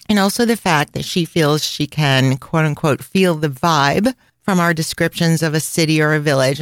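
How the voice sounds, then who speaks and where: A woman's voice: sits low, dry recording, clean studio sound. A woman hosting a travel podcast, chatting casually and reading out listener reviews. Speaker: podcast host.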